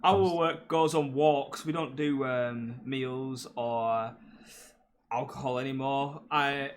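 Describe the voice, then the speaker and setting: A man's voice: mid-range voice, fairly even intonation, takes it slowly, slight background noise. A man co-hosting a podcast, laughing through crude banter. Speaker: podcast co-host. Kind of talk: casual chat.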